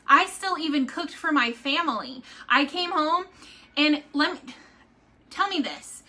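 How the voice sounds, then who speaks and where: A middle-aged woman, chatting casually to camera in a rambling, animated way. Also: high voice. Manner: chatty, rambling, animated, says "like" and "right?" a lot. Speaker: vlogger.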